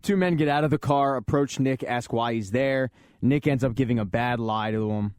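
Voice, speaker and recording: A man's voice: mid-range voice, moderate pace, darkish tone, clear, resonant tone, dry recording, clean studio sound. A man casually recapping a TV drama season, sarcastic and candid, swearing now and then. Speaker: recap host.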